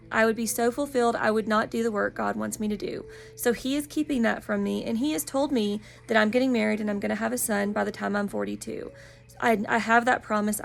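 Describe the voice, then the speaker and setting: Gravelly earnest woman in her thirties. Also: fairly high pitch. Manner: earnest, encouraging, openly personal. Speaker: spiritual wellness practitioner. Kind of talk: casual vlog monologue.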